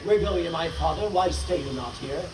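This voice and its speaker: A man's voice: on the high side, moderate pace, echoey room, distant mic, over music, close to an everyday voice, low-quality recording. A man reciting as a worried child. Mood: earnest. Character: worried child questioning his father.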